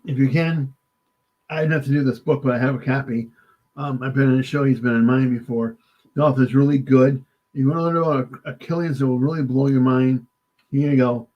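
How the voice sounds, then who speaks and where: A man from the United States, guest author in an interview, halting and polite, often saying "sir". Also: mid-range voice, steady tone. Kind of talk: casual interview. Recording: dull lo-fi remote line.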